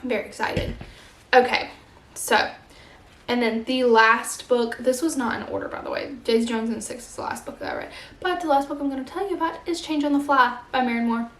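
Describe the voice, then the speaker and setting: Young woman rambling excitedly about books, kinda high voice, echoey room. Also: brisk, a little hiss or hum. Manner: gushing, chatty, lots of "like" and "um". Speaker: book vlogger. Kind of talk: casual monthly book wrap-up.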